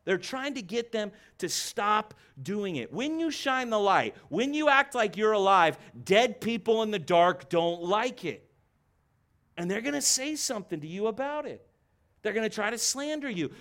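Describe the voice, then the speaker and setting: A man's voice: high-pitched, a bit bright. A man preaching a sermon as a pastor, passionate and emphatic, often repeating words as he builds a point. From United States.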